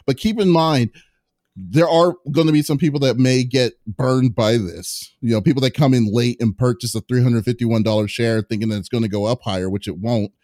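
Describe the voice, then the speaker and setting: A man hosting a gaming podcast, chatting casually, halting with many fillers and restarts and laughing often. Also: medium pitch, darkish tone, no room sound, studio quality. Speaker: podcast host. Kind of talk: casual chat.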